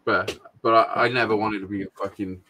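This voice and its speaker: A middle-aged man, talking in a low-set voice. He rambles through a casual story on a podcast, blunt and full of swearing, laughing here and there. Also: steady tone, a little fast, sharp tone, slight background noise. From Wales. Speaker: podcast co-host.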